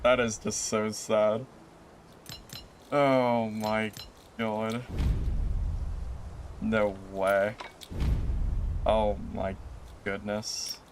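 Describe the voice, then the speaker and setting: A man streaming a game live, chatting with viewers in an animated, exasperated way with sudden exclamations. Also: noisy background. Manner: animated and exasperated, quick exclamations with big pitch jumps. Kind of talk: live gameplay stream chat.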